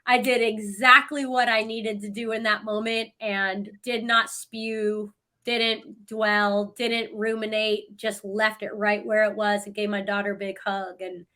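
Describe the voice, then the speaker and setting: A middle-aged woman, a podcast guest, telling a story animatedly in casual conversation. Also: a little high. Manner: animated storytelling with frequent laughs.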